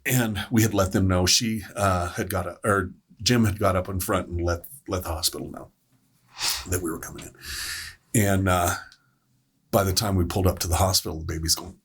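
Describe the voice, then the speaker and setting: A man who works as a paramedic, telling a story on a podcast panel in a casual, animated way, acting out the voices he quotes. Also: sits low, moderate pace, a little hiss or hum. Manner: animated storyteller, acts out quoted voices, laughs between lines.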